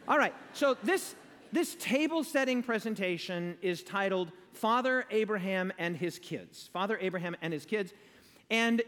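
A man's voice: high-pitched, fairly bright tone, big-room sound. A man preaching a sermon to a live audience, emphatic and leading them in call-and-response.

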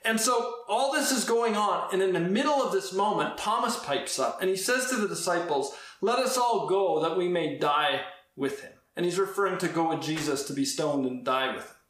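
A man's voice: sits high, moderate pace, few pauses, fairly bright tone. A man preaching a conversational sermon, acting out quoted exchanges as he goes. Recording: very roomy, echoey sound.

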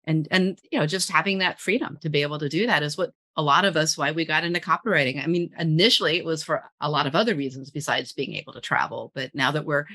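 Low-voiced, bright, chatty middle-aged woman. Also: quick pace, few pauses. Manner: chatty, rambling, frequent laughs and restarts. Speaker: guest copywriter. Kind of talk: casual interview chat.

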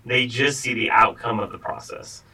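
Bright-voiced male podcast host, slightly distant. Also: mid-range voice, steady tone, moderate pace, slightly rough. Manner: thoughtful, sets up questions with examples. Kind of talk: conversational interview.

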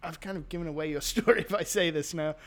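A man's voice: a little high, fast, a bit bright. A British man co-hosting a casual podcast, dry and teasing as he runs a little quiz. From United Kingdom. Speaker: podcast co-host. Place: home setup on a laptop. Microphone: laptop or remote podcast setup.

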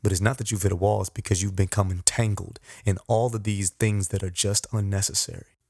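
A man hosting a podcast, telling a personal story with animated, repetitive, self-deprecating motivational talk. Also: fairly low pitch, a little fast, vocal fry, no room sound, studio quality. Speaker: podcast host.

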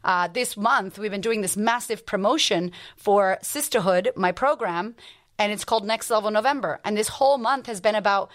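A woman with a mid-range voice, a life coach, hosts a motivational podcast. She talks bluntly and emphatically, swearing a lot and firing off rhetorical questions one after another.

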